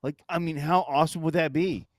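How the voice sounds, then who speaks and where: A man co-hosting a casual comedy chat show, animated, acting out silly voices and swearing freely. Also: fairly high pitch, a little fast, dry recording, clean studio sound. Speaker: podcast co-host.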